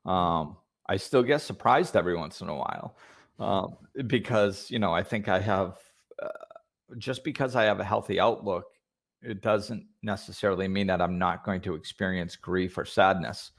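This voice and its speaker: A man hosting a podcast, talking in a thoughtful, hesitant way with many pauses and restarts. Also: sits low, creaky. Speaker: podcast host. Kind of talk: reflective conversational talk.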